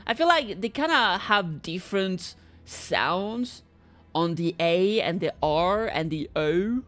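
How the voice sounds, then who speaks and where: A woman's voice: on the low side, lively intonation, takes it slowly, fairly bright tone. A young woman streaming a game, chatting casually in a giggly, playful way.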